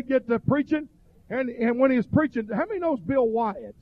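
A middle-aged man preaching a fervent revival sermon that swells into shouted cries. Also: very high-pitched, animated, moderate pace, no echo. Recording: dull lo-fi recording.

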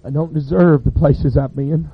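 A man, preaching a sermon as a fervent storyteller with dramatic pauses. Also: on the high side, steady tone, husky, dull audio.

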